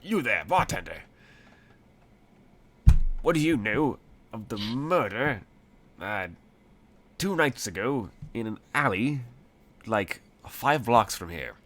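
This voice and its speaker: A man playing a pompous gentleman professor. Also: lowish voice, sing-song, takes it slowly, pauses often, exaggerated voice. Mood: haughty. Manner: haughty, gentlemanly. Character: pompous male professor clinging to gentlemanly bravado.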